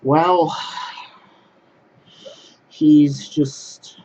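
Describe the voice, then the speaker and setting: A man's voice: on the high side, fairly even intonation, drawn-out words, dark tone, dull audio. A man ranting casually to camera in a vlog, blunt and repetitive, often restarting his phrases. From Poland. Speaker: vlogger.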